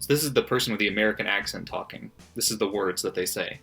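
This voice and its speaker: A man's voice: fairly low pitch, quick pace, creaky, few pauses, sharp tone, husky. A man casually reading out his margin notes from a book, laughing often and swearing freely. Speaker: book vlogger. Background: faint background music.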